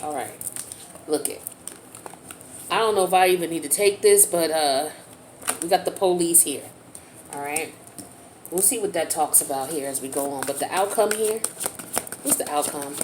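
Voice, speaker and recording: A woman's voice: low-pitched, normal speed, pauses often, darkish tone, slight background noise. A woman giving a casual tarot reading in a chatty, slang-filled way. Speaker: tarot reader.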